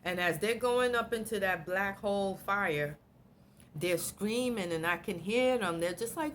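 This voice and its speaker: A middle-aged woman vlogger telling a personal story in an animated, blunt way, swearing freely. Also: medium pitch, normal speed, slight background noise. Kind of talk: emotional storytelling.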